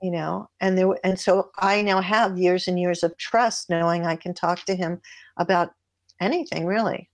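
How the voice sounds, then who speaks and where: A woman who writes about relationships, a podcast guest giving advice in a lively way and acting out bits of dialogue as she talks. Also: lowish voice, moderate pace. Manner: animated, acts out dialogue in her stories.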